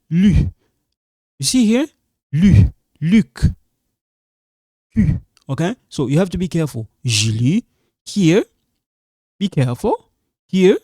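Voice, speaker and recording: Language tutor, non-native English, slow and patient, mellow dry voice, repeats each sound and keeps saying "okay?". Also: medium pitch, no room sound. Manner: warns students again and again to be careful. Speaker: French language teacher. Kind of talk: slow pronunciation lesson.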